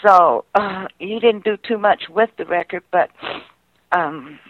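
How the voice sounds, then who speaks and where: A woman's voice: mid-range voice, unhurried, no echo. An older woman, a singer and pianist, telling heartfelt, rambling stories from her past in a radio interview. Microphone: phone line. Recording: tinny dry phone line.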